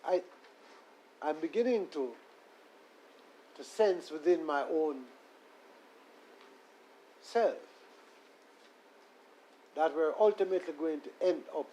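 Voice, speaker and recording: Man, courtroom lawyer, measured and deferential, fairly high voice, faint background hiss. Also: warm tone, rough recording. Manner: deferential, measured, reads submissions aloud. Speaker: defense attorney. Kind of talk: courtroom legal argument.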